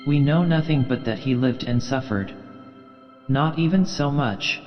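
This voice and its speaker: A man's voice: medium pitch, lightly acted. A man voicing a dry, skeptical male critic. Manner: musing, measured. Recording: reverberant dull recording, faint music.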